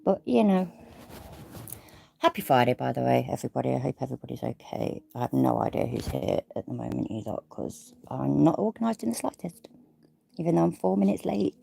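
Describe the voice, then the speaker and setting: A woman's voice: extremely low pitch, wildly swooping pitch, a little fast, gravelly, warm tone, breathy edge. A woman hosting a casual livestream from bed, rambling and self-deprecating as she greets her viewers by name. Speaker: livestream host. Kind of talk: casual live chat. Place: in bed, away from home. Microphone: audio only, no camera.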